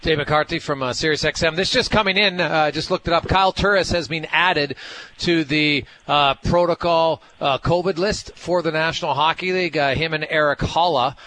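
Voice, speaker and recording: A man's voice: on the high side, fairly even intonation, moderate pace, bright, forceful tone, slight background noise. A man hosting a sports radio show, asking a guest long, upbeat questions.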